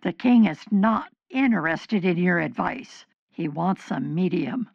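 Dismissive king's sister, woman acting, gravelly and slow. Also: on the low side, expressive, no room sound, highs cut off, exaggerated voice. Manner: curt, dismissive. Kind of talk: audio drama acting.

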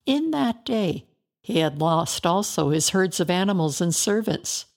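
A woman narrates a story in a slow, measured, deliberate reading. Her voice has a gravelly fry to it, and she takes her time over every phrase. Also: fairly low pitch, expressive.

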